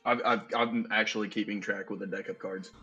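A man playing a tabletop game over a video call, playful and quick to laugh. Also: on the low side, steady tone, pushed and bright, slightly rough, dull audio, faint music behind. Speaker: player.

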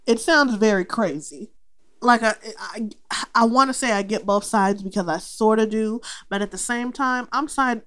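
A young adult woman hosts a laid-back movie podcast, speaking at a medium pitch in an animated, foul-mouthed style and performing the characters' lines.

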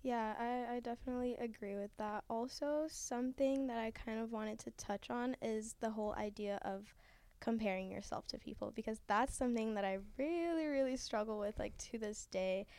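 A woman's voice: fairly high pitch, moderate pace, a little mellow, clear, resonant tone, dry recording. Candid young woman podcast host. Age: 20s. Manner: candid, chatty, swears casually. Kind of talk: casual podcast chat.

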